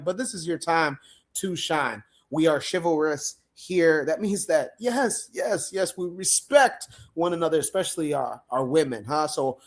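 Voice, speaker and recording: Male podcast host, lively storyteller, laughs a lot. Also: on the high side. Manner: laughs often, animated storytelling. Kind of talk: casual chat.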